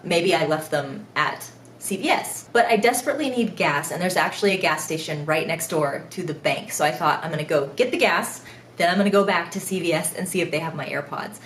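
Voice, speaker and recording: A woman's voice: on the low side, fairly quick, echoey room, slight background noise. Woman telling a laughing storytime. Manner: animated, self-mocking storytelling with frequent laughs. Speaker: vlogger. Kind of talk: storytime vlog.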